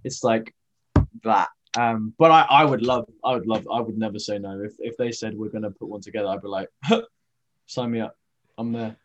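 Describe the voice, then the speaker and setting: A man's voice: on the low side, steady tone, normal speed, dull audio, a little hiss or hum. Chatty young-sounding man on a video call. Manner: chatty, rambling, lots of fillers and restarts. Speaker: stage actor, guest. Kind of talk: casual interview over video call.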